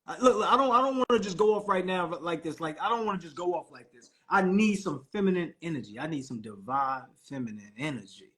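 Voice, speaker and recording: Preachy hyped-up man, high voice. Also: quick pace, hardly any pauses, a bit bright. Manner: preachy, hyped, calls the audience Queen. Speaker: host of a live call. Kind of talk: motivational live-stream talk.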